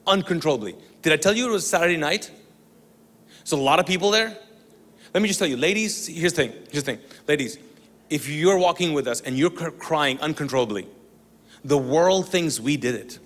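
A man from the Middle East preaching a sermon, telling a story with acted-out dialogue and moving between loud bursts and quiet, hushed lines. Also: on the high side. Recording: long reverb of a large hall.

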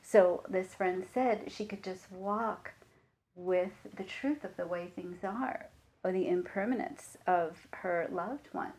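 A woman gives a dharma talk as a meditation teacher, her voice sitting a little low. She speaks reflectively and without hurry. She pauses often and leans on small fillers as she thinks. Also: a little mellow.

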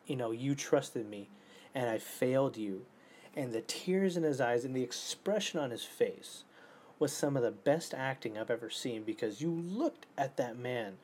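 A man in his twenties talking casually in an animated way, swearing often and swinging between loud outbursts and near-whispers. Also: medium pitch, normal speed, a little hiss or hum. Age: 20s. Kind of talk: casual monologue.

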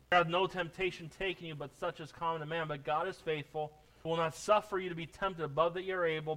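A male pastor preaching a sermon, building from soft musing to emphatic declarations, repeating phrases and reading scripture in old-fashioned wording. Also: a little high.

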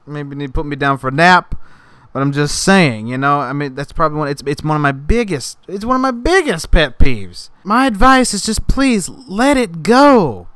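A man's voice: on the high side, sing-song, normal speed, bright, forceful tone, clear, resonant tone, no room sound. A man hosting a comedy podcast, ranting with mock anger about a pet peeve and building to outbursts. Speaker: podcast host.

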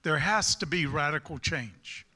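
Southern man preaching, high and very bright voice, folksy and rambling. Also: unhurried. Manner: folksy, rambling, with self-deprecating humor. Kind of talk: sermon.

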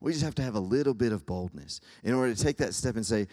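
A young man delivers a relaxed, chatty sermon to students, wandering into asides and filling gaps with "um" and "like". His voice sits at an ordinary middle pitch. The sound trails off in a long hall reverb. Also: fast. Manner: conversational, lots of fillers and asides.

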